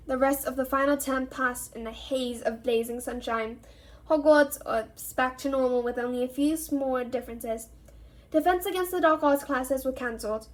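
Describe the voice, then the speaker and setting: A woman reading a novel aloud for a reading club, expressive and giving each character a voice. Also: sits high, moderate pace. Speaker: reader.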